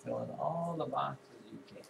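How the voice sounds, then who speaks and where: A man's voice: medium pitch, normal speed. A man teaching a classroom math lesson, talking students through a problem with dry, teasing asides. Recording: echoey classroom, voice from far off, clear noise.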